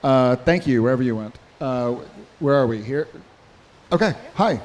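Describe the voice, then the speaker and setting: A man on a convention panel telling a rambling, animated story, with restarts and swearing. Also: mid-range voice, moderate pace, big-room sound, slight background noise. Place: convention hall stage.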